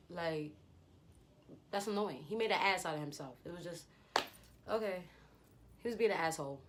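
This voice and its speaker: A woman's voice: sits low, fairly quick, long pauses. A young woman vlogger chatting animatedly through a storytime, acting out quotes. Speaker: beauty vlogger. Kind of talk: storytime vlog.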